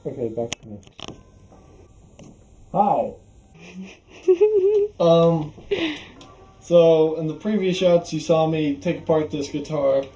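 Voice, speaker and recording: A man's voice: on the high side, slow pace, pauses often, dark tone, a little hiss or hum. A man casually showing off a guitar, rambling with fillers and restarts as he talks. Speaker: guitar vlogger. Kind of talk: casual show-and-tell. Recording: echoey room, faint music.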